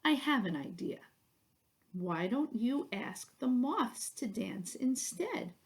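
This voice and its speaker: A woman's voice: on the high side, animated, takes it slowly. A woman doing a sleepy, blunt little butterfly. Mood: explaining.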